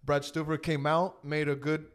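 A man hosting a casual soccer podcast, animated and leading the talk with casual swearing. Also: a little high, moderate pace, smooth. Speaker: podcast host. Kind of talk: casual sports chat.

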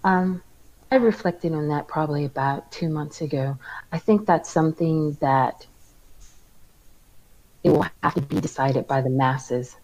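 A woman speaking as a guest on a casual talk show, measured and careful to be tactful. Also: deep voice, a little mellow, low-quality recording. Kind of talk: casual call-in chat.

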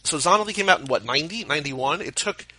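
This man's voice is bright and forward, recorded close and dry. He chats casually as a podcast co-host, wandering into tangents and piling on trivia during a movie watch-along. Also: fairly high pitch, lively intonation, quick pace, dry recording, rough recording. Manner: chatty, digressive, trivia-dropping. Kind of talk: casual movie commentary chat.

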